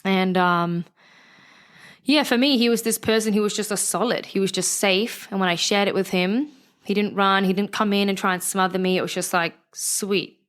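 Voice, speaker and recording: A young woman from the West Country of England with a West Country accent, talking candidly as an interview guest, animated and frank, swearing freely. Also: medium pitch, moderate pace, clear, resonant tone. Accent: West Country English.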